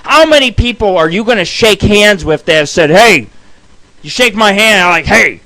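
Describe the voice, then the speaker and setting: A man rambles through profane tales on his radio show. His voice sits high and bright, and he swears nonstop as he talks. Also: lively intonation, fairly quick. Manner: crude, rambling, heavy swearing. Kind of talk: profane storytelling monologue.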